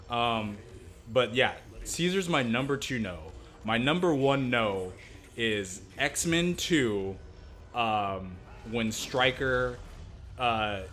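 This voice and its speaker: A man co-hosting a casual gameplay commentary, animated and swearing, with shouted bursts. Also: medium pitch, slow pace. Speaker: co-host of a gaming let's play.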